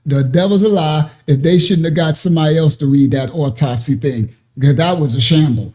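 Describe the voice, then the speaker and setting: A man's voice: on the high side, dark tone. A man hosting casual reaction commentary, joking and laughing often as he teases what he watches. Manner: laughing, joking, drawn-out teasing. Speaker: commentary host.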